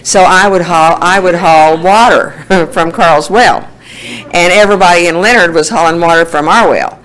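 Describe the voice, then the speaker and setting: A woman in her sixties with an Oklahoma accent tells her life story at a recovery meeting, folksy and laughing often, as a personal testimony. Her voice is fairly low and a bit bright, at a moderate pace, in a rough recording.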